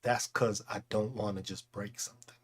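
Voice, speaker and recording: A man ranting casually on a livestream, profane and laughing, swinging between loud outbursts and slow, low talk. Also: steady tone. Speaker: livestream host.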